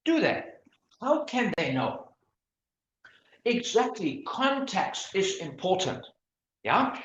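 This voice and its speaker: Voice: medium pitch, fairly bright tone, slight background noise. A lecturer giving an online class on academic writing, often stopping to restart words and asking the listeners questions. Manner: hesitant, many restarts and repeated words; asks the audience questions. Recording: echoey, dull lo-fi room sound.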